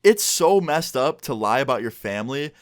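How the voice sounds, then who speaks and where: A man's voice: medium pitch, sing-song, moderate pace, no echo, clean studio sound. A young man telling a personal story to his viewers in a casual, chatty way, peppered with "like". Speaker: vlogger.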